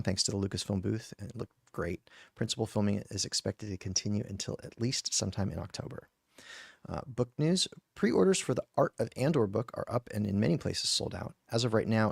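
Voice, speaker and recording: Guy reading podcast news off his notes, low gravelly voice, ums and restarts, dry sound. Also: no room sound. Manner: reads from notes with fillers and restarts. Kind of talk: casual news roundup.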